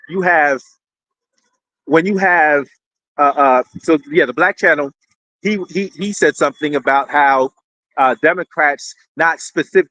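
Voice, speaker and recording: A man hosting casual live-stream commentary, rambling and animated, often repeating words as he restarts. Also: on the high side, no room sound, poor audio. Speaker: political commentary host. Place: indoors near a street with fire trucks.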